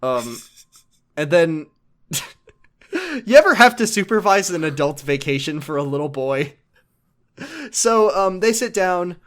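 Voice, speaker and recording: A man hosting a podcast, casually recapping a video game in an animated, rambling way, swearing and laughing as he goes. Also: a little high, unhurried, pauses often. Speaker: podcast host.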